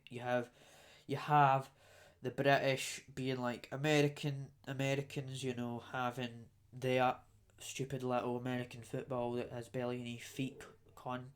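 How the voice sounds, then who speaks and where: A man's voice: medium pitch, clean tone. A young adult man hosting a solo podcast, rambling and ranting jokingly, with frequent swearing. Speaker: podcast host.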